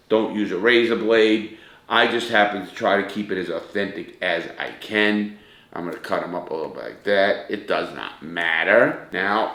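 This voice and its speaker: A man's voice: on the low side, fairly bright tone. A middle-aged man hosting a casual cooking demonstration, chatting straight to his viewers as he cooks. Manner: chatty, talks straight to viewers as "people" and "guys". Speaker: cooking show host. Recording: echoey room.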